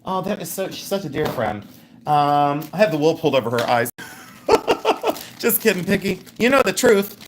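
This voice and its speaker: A woman's voice: on the low side, a little hiss or hum. A middle-aged woman hosting a live jewelry sale in a chatty, joking way, laughing often. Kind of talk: live-stream sales chat.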